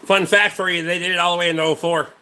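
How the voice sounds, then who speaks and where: A man's voice: high voice, fairly even intonation, fast, bright, forceful tone. A man hosting a casual livestream, a mechanic rambling about truck parts and swearing freely while answering chat.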